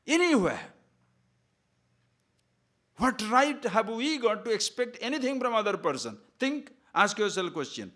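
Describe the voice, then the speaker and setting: A man's voice: sits high, very animated, measured pace, long pauses, bright, forceful tone. A man giving a discourse on scripture as a spiritual teacher, emphatic and full of rhetorical questions, sometimes chanting verses in Sanskrit.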